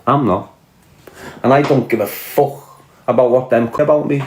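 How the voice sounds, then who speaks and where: A man's voice: mid-range voice, moderate pace, reverberant, slight background noise. Furious Scouse man ranting. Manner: shouting, profane, confrontational. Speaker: online commentator. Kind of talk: angry rant to camera.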